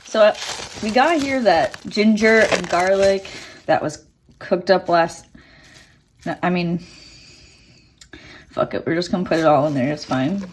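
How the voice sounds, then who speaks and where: A woman's voice: on the low side, a little slow, long pauses, slight background noise. Chatty woman cooking at home. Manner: chatty, giggly, swears casually. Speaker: cooking vlogger. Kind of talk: casual cooking chat. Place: home kitchen.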